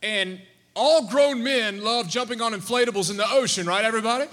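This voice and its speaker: A man preaching to his congregation, telling a story with animated energy and calling questions out to the crowd. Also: sits high, brisk. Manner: animated, calls out questions to the audience. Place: church sanctuary. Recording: long church-hall reverb.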